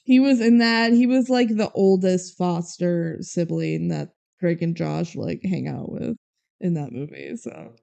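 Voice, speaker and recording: Chatty young woman, gravelly and mellow. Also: fairly low pitch, a little slow. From Minnesota, USA. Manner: chatty, laughing, filler-heavy. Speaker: podcast co-host. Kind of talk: casual chat.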